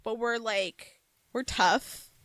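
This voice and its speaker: Brief: playful, laughing woman co-host, slightly high voice, dry close sound. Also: fairly even intonation, takes it slowly, a bit bright, no room sound. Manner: giggly, playful, breaks into silly voices and singing. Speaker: podcast co-host. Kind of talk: casual chat.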